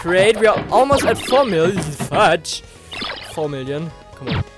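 A young man hosting a gaming let's play, excitable, yelling and swearing at the game, then rambling and hesitant as he talks to viewers. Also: sits high, unhurried. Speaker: gaming channel host. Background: game music and sounds.

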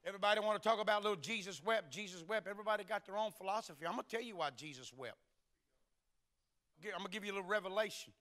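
A man's voice: high voice, rapid-fire, bright, forceful tone. A man preaching a sermon in a church, telling folksy stories and acting out the dialogue. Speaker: pastor. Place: church sanctuary.

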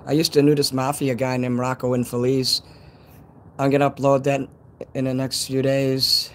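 A man's voice: mid-range voice, completely flat delivery, normal speed, fairly bright tone, slight background noise. A man from Chicago with a Chicago accent, chatting casually on a live stream outdoors at night, rambling and swearing freely. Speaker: livestreamer.

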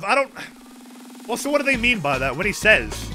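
Excitable young man rambling while gaming. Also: extremely high pitch, brisk, soft background music. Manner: excitable, rambling, swears, sudden shouts. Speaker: game streamer. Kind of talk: casual chat while gaming.

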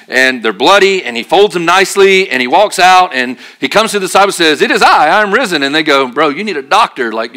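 A man preaching a sermon at church, telling stories with jokes and acted-out voices, then dropping to a quiet, earnest tone for serious points. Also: fairly high pitch. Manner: animated, jokey storytelling with acted-out voices. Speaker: pastor.

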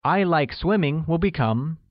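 A man narrates a scripted language lesson at an unhurried, deliberate pace, laying out each phrase for learners. His voice sits a bit high. The recording is dry and somewhat dull, like a lo-fi voice-over. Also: expressive, no room sound. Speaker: language teacher.

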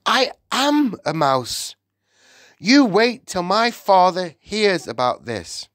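Guy doing a bratty greedy boy mouse, high and blustery, voice jumping all over, slow dry reading. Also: expressive, no room sound. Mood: indignant. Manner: indignant, blustering, shouts. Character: loud-mouthed greedy boy turned mouse.

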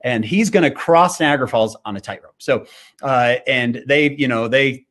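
A man's voice: mid-range voice, moderate pace, fairly bright tone. A man giving a devotional fireside talk, telling a story with animation and frequent fillers and restarts. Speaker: speaker.

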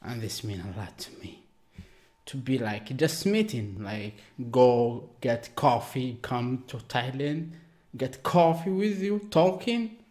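A man from Algeria hosting a reaction video, talking excitedly in broken English with many exclamations. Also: medium pitch, slow pace.

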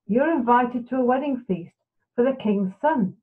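A woman's voice: a little high, expressive, moderate pace, pitched above the performer's own voice, close to an everyday voice. A woman voicing an eager, self-important young male monkey in a bedtime storybook. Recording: tinny phone-like sound.

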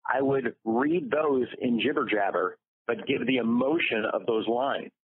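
Animated storytelling man on a thin line. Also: fairly low pitch, measured pace, no room sound. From United States. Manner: lively storyteller, acts out quotes. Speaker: voice actor guest. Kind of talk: interview anecdotes. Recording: dry phone-like line.

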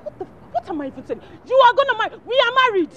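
A fiery young fiancée, high-pitched and rapid, full of threats. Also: female voice, big pitch swings, heavily acted. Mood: furious. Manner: shouting, threatening. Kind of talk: film drama.

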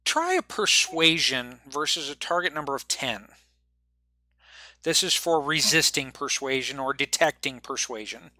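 A man with a bright, fairly high voice runs a tabletop game as game master. He talks haltingly, full of fillers and restarts. The sound is dry and close. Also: big pitch swings, no echo.

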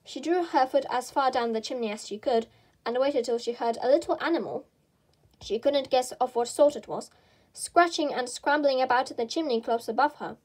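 A woman reading a children's classic aloud in gentle, even narration. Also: high-pitched, moderate pace. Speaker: storybook reader.

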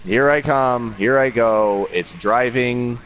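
A man's voice: medium pitch, takes it slowly, a bit bright, soft background music. A man chatting casually while playing an online game with friends, swearing and exasperated at things going wrong. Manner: exasperated, swearing, laughing at failures. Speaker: gamer. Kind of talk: casual gaming chat.

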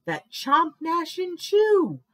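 A woman's voice: very high-pitched, huge pitch swings, slow, a bit bright, voice pushed up, exaggerated voice. A woman voicing a big male bear who grumbles and growls in a children's story. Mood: grumbly.

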